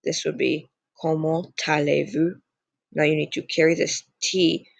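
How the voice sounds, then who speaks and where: A young man walks through a beginner lesson from slides, slow and patient, repeating each phrase for drill. His voice sits a little high and is heavy with gravel. The sound is dry and close, with no room around it. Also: level tone, no room sound. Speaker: language teacher. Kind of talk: slide-based lesson narration.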